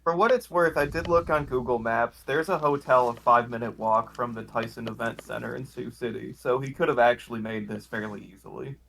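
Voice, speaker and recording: Bright-voiced man making wry asides. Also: mid-range voice, brisk, creaky, few pauses, a little hiss or hum, rough recording. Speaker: podcast co-host. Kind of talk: casual comedic recap chat.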